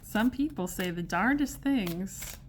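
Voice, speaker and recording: A woman's voice: medium pitch, measured pace, a little hiss or hum. A woman giving a casual tarot reading to camera, chatty and digressive, exasperated yet amused. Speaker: tarot reader.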